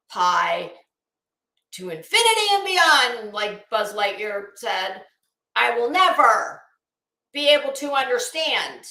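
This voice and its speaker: Hosting a live commentary stream, a high-pitched woman with a bright, edgy voice and vocal fry rambles bluntly and sarcastically. She speaks slowly with big pitch swings, greets chat viewers between points, and echoes around her room.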